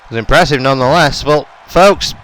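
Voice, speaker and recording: A man's voice: medium pitch, a little fast, fairly bright tone, a faint crowd. A young man giving running play-by-play commentary on a wrestling video game, his voice jumping up on the big moves. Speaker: gaming YouTuber.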